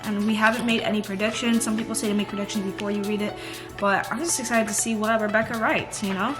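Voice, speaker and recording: A young woman talking through her reactions to a fantasy book in a dramatic, expressive way, swearing freely. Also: mid-range voice, quick pace. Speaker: book vlogger. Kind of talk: casual reaction vlog. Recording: roomy echo with background music.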